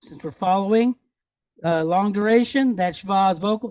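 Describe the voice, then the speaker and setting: A man teaching a Hebrew reading lesson, patiently spelling out letters and vowels and repeating each word slowly. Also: high-pitched, darkish tone, clean tone, no room sound, clean studio sound. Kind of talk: classroom teaching.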